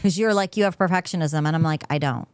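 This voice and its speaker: A woman's voice: deep voice, fast, clear, resonant tone, dry recording. A woman co-hosting a casual talk show with her husband, playful and teasing. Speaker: co-host.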